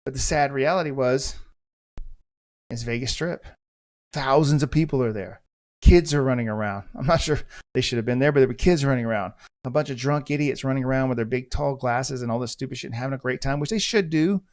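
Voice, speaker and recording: Talking fairly quickly in a mid-range voice, a middle-aged former police officer from the U.S. spins a story on his podcast. It's a monologue, told bluntly and intensely, with swearing throughout.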